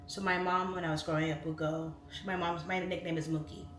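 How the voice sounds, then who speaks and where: A woman's voice: lowish voice, level tone, brisk, fairly bright tone, slight background noise. Chatty woman livestreaming from home. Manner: chatty and rambling, reads viewer comments aloud. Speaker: live stream host. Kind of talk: casual livestream chat. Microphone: phone on its side. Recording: echoey room with faint music.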